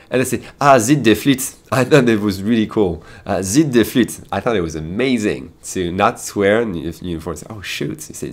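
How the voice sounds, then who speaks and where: A man from France with a French accent, teaching a casual video lesson in a chatty, animated way. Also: fairly low pitch. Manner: chatty and animated, often laughs at the examples.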